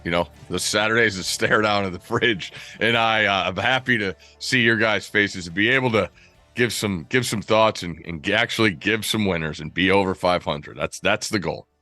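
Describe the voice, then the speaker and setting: A man co-hosting a sports podcast, easygoing and halting as he stumbles over his words. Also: on the low side, bright, forceful tone, no room sound, faint music behind. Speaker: podcast co-host. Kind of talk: casual sports podcast chat.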